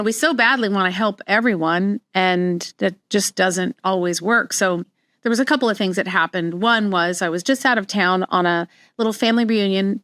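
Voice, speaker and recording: A middle-aged woman hosting a casual solo podcast about her practice, telling personal stories candidly and growing animated as she quotes herself. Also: mid-range voice, clean tone, dry recording. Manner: candid, animated when quoting herself, frequent restarts. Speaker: podcast host, wellness practitioner.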